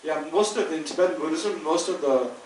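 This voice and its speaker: A man's voice: a little high, fairly quick, a little hiss or hum. A man teaching a Buddhist study class, patiently thinking aloud and restarting his sentences often. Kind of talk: dharma class lecture. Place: teaching hall. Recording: roomy hall, mic at a distance.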